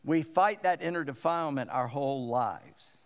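A man's voice: on the high side, moderate pace, in a large hall. A man, a pastor preaching a sermon in an emphatic way and repeating phrases for stress.

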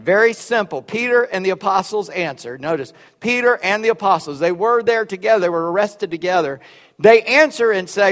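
A preacher with a notably high voice speaks in a folksy, halting way, doubling back on his words as he tells his story. His voice rings out with a long reverb from the church sanctuary around him. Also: a bit bright. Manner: folksy, repeats words, drawls. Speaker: pastor. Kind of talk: sermon with personal story.

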